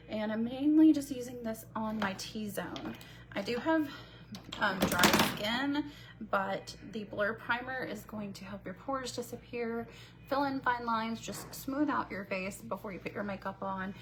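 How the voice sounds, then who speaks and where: A woman's voice: on the high side, fairly bright tone, slight background noise. Chatty woman teaching a makeup lesson. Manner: chatty and conversational, with frequent fillers. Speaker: makeup instructor. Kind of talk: live-streamed makeup tutorial. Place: home with construction going on.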